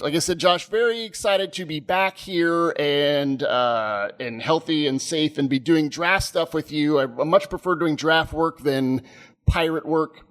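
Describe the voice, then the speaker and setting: A man's voice: fairly high pitch, measured pace. Chatty, rambling man telling a story. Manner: animated, rambling, laughs often. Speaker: podcast co-host. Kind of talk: casual storytelling chat.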